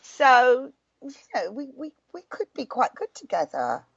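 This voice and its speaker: A woman playing a tarot role-play game over a video call, speaking hesitantly with many halting restarts. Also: high-pitched, sing-song, vocal fry, a bit bright, slightly rough, no echo. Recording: dull lo-fi video call audio.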